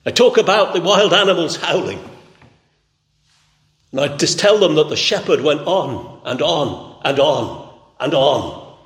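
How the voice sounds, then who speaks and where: A man preaches in a long, echoing hall. His voice sits high and swings widely in pitch. He builds emphasis through steady, repeated phrases. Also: a little slow, long pauses. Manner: emphatic, repetitive preaching cadence. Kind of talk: sermon. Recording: echoey hall.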